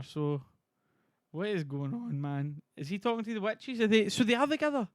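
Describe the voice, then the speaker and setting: A male streamer with a high voice, chatting casually between readings. He swears freely and argues with his chat in exasperation, and the sound is close and dry. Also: moderate pace, dry recording.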